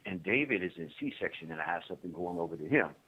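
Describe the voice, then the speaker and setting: Male guest, lowish voice, casual step-by-step explainer, phone-line sound. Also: animated, quick pace, husky. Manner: plain, step-by-step explaining, sprinkled with "like".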